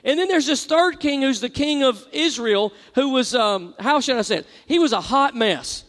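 A man's voice: very high-pitched, expressive, normal speed, fairly bright tone. A man preaching a sermon, reading scripture aloud and drawing call-and-response from his congregation. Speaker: pastor. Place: large church hall. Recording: long hall reverb.

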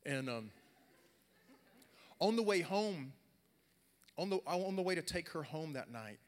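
Animated male preacher in a reverberant hall. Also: a little high, measured pace. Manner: animated, swings from loud storytelling to quiet earnest talk. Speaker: pastor. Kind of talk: sermon storytelling.

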